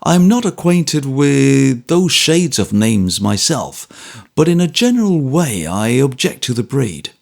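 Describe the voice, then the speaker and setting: A man's voice: mid-range voice, measured pace, gravelly, exaggerated voice. A man reading a bluff, stubborn old trooper. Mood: firm, polite. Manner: steady, polite, stubborn. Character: bluff good-humoured ex-soldier, man, middle-aged. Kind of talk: audiobook character reading.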